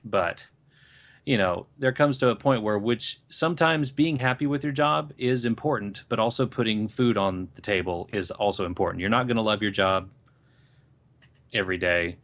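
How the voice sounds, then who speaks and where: A podcast co-host with a lowish, slightly bright voice speaks at normal speed. He offers thoughtful, rambling advice in casual conversation, full of fillers and restarts.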